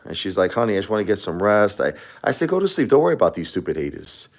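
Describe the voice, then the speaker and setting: A man's voice: lowish voice, lively intonation, quick pace, few pauses. A man hosting a casual live stream, talking in a rambling, repetitive way and lashing out at his critics.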